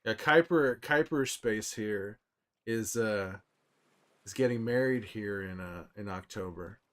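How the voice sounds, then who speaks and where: At a measured pace, in a voice on the low side, a young man hangs out on a live stream. He reads viewer messages aloud and answers them with laid-back, meandering replies.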